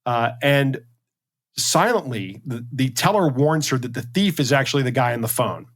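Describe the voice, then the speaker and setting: A man's voice: mid-range voice, expressive, normal speed. Male co-host, conversational, indignant, wry. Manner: indignant, sarcastic storytelling with fillers. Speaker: podcast co-host. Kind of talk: casual chat.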